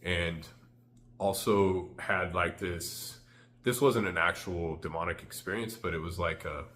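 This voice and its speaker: A man's voice: low-pitched, unhurried, a bit bright. A man telling a candid, rambling personal story to the camera, full of "like" fillers. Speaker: vlogger.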